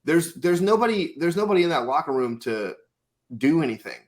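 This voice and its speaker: Lively blunt man in sports chat. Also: a little high, brisk. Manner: blunt, profane. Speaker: podcast co-host.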